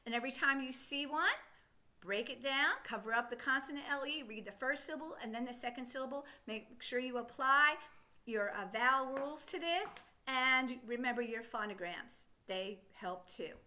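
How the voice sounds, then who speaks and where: A middle-aged woman teaching a children's phonics lesson, sounding out words slowly and asking encouraging questions. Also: sits high, pushed and bright.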